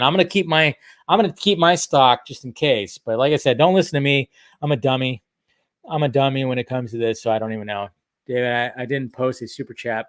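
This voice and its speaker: A man running a casual livestream, talking in loose, rambling stretches and poking fun at himself. His voice sits a bit higher than most men's. He chats with viewers as he goes. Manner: rambling, self-deprecating, chatty with viewers. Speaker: YouTube livestream host.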